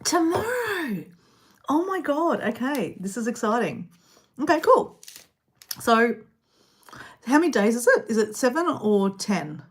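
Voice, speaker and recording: A woman's voice: a little high, sing-song, moderate pace, pauses often, breathy edge. A woman hosting a casual live stream, rambling and chatting while eating snacks indoors. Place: indoor room.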